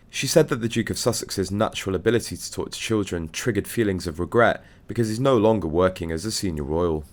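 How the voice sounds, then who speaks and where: A man reading a scripted news story aloud in a steady, formal manner. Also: low voice. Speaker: news narrator.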